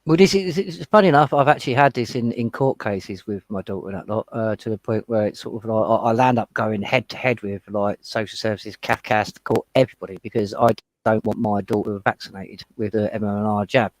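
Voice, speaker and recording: A man on a panel discussion, talking fast and heatedly as he retells his own run-ins in casual chat. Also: lowish voice, no echo. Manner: heated, retelling confrontations with quoted exchanges. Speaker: panel guest.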